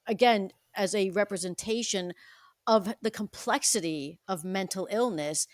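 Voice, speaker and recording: A woman's voice: mid-range voice, unhurried, no echo, clean studio sound. A woman co-hosting a film podcast, chatting casually and acting out scenes from the movie. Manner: animated, acts out scenes with raised voice. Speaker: podcast co-host.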